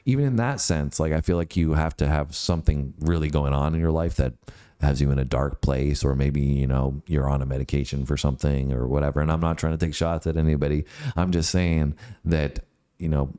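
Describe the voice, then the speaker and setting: A man's voice: very deep voice, fairly even intonation, fairly quick, warm tone, clean tone. A Canadian man co-hosting a casual chat, joking and rambling as he reacts to comments. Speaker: co-host.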